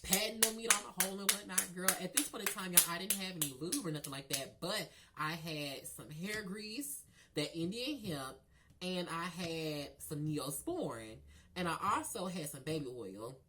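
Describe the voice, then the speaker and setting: A man's voice: high-pitched, moderate pace, background noise. A man spilling a story to his viewers in a casual vlog, sassy and gossipy. He keeps calling the audience girl and y'all. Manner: animated with laughs and sudden loud outbursts. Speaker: storyteller vlogger.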